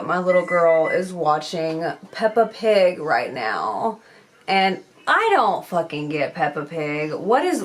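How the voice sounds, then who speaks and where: A young woman chatting candidly as a beauty vlogger while she does her makeup, swearing casually as she goes. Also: on the low side.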